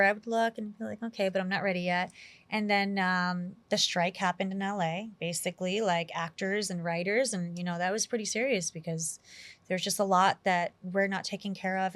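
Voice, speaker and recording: A woman from New York City, an actress, telling stories as a guest in a casual interview. She is animated, acts out her own past lines, and says "like" often. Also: mid-range voice, a little fast, no echo. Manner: animated, quotes herself often, heavy use of "like".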